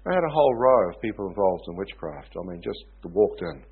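Husky-voiced New preacher. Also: male voice, sits low, a little fast. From New Zealand. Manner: animated storytelling, often asks "you know what I mean?". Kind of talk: sermon storytelling. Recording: tinny phone-like sound.

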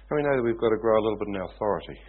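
Husky-voiced New preacher. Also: male voice, on the low side. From New Zealand. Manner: animated storytelling, often asks "you know what I mean?". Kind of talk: sermon storytelling. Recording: tinny phone-like sound.

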